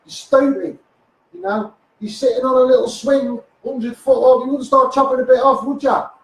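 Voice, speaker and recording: Ranting Scouse man, high voice, echoey. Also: steady tone, normal speed. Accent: Liverpool (Scouse). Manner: angry, swearing, repetitive asides to viewers. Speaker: self-styled activist livestreamer. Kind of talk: ranting Facebook live monologue. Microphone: phone. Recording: echoey room, far from phone mic.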